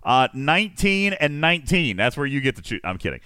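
A man's voice: medium pitch, sing-song, fairly quick, sharp tone, clear, resonant tone, dry recording. A man hosting a casual podcast, joking around and rambling, then rattling off long lists of supporter names. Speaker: podcast host. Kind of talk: casual podcast banter and shout-outs.

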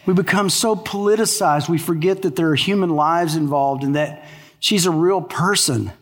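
Pastor preaching in a reverberant hall. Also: male voice, normal speed. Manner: storytelling, drops to a hushed low voice in sad parts. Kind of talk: sermon. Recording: long reverb of a large hall.

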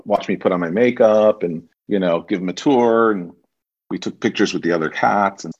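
A man, a stage actor and teacher, telling animated anecdotes as a podcast guest. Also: low-pitched, moderate pace, highs cut off. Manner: animated anecdotes, acts out quoted voices. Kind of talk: casual interview storytelling.

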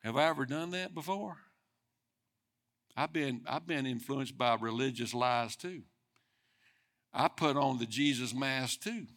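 A man's voice: mid-range voice, unhurried, pauses often. Man preaching a conversational sermon. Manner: conversational preaching, speeding up and swelling in loudness for emphasis. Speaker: pastor.

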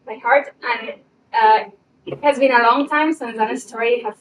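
High-voiced fan, halting English. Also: female voice. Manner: emotional, halting non-native English. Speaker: fan asking a question. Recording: distant mic with faint background noise.

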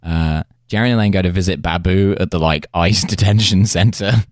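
Man, very low voice, dry close sound, casual recap, deadpan asides. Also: dry recording. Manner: dry, joking, quick asides. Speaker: podcast host. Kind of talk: casual chat, recapping an episode.

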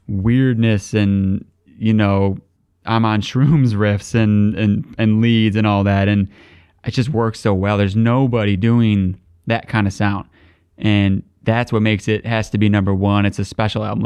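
A man's voice: fairly low pitch, a little mellow, smooth, no echo. A man co-hosting a podcast, chatting casually and enthusiastically about albums, swearing now and then. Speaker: podcast co-host.

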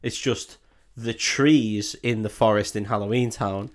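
A man's voice: on the low side, steady tone, a little slow. A man co-hosting a casual film podcast, swearing freely, laughing often and acting out bits with voices. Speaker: podcast co-host.

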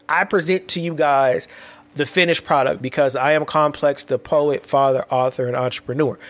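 A podcast host in his thirties delivers a solo motivational monologue, candidly reflecting on his own struggles. His slightly bright voice sits a little higher than most men's, and his loose, slangy sentences often stop and restart.

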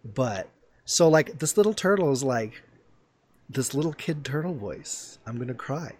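A man co-hosting a casual gaming podcast, enthusiastic and quick to laugh. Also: medium pitch, lively intonation, a little mellow, husky. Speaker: podcast co-host.

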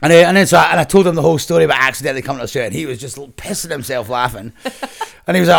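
A middle-aged Scottish man telling a wild story to an interviewer, animated and sweary, laughing as he goes. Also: mid-range voice, racing, creaky. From Scotland. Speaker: guest. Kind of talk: casual storytelling.

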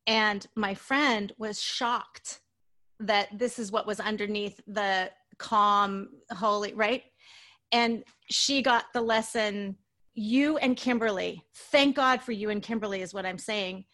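A woman's voice: medium pitch, steady tone, slow pace, bright, forceful tone. A woman hosting a conversational interview, emphatic and questioning as she makes her point. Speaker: host.

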